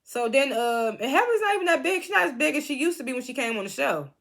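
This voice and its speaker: A woman's voice: high-pitched, big pitch swings, quick pace, creaky, a bit bright. A woman casually recapping a reality TV reunion, chatty and laughing often as she quotes the cast.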